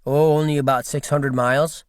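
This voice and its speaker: A man's voice: on the high side, level tone, moderate pace, clean tone, no room sound, studio quality, lightly acted. A man voicing a cheerful young bush pilot in his twenties, friendly and boastful, in an audiobook. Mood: friendly teasing. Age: 20s.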